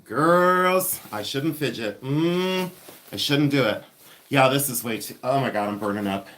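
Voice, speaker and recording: A man hosting a casual live stream, chatty, excitable and self-mocking as he shows vintage finds indoors. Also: medium pitch, unhurried. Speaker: livestream host selling vintage finds. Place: indoors at home, seated with items.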